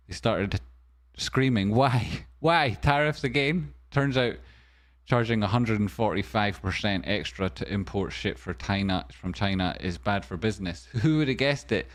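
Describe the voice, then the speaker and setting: Casting: male host, low-ish voice, dry jokey delivery, comic market rundown. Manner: wry, jokey asides, sudden softer murmurs. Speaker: stock stream host. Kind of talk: comedic market news rundown.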